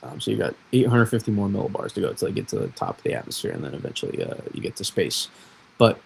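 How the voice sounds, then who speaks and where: Man, weather livestream host, rambling, lowish gravelly voice, husky. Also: very animated, quick pace, low-quality recording. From New England. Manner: rambling, self-correcting, chatty. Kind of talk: casual livestream weather analysis.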